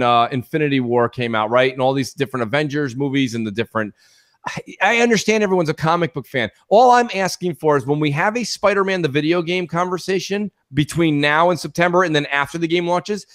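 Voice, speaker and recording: Man, high voice, casual gaming chat, animated, co-host. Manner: animated, acts out mocking voices of fans. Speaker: podcast co-host.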